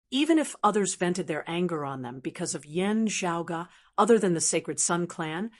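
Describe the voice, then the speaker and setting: A woman narrating a fantasy audiobook in a steady, even reading voice. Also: medium pitch. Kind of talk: scripted narration.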